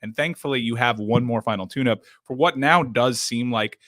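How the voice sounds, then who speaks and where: A man co-hosting a sports podcast, giving measured football analysis in casual talk. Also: medium pitch, fairly bright tone, no echo, clean studio sound. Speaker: podcast co-host.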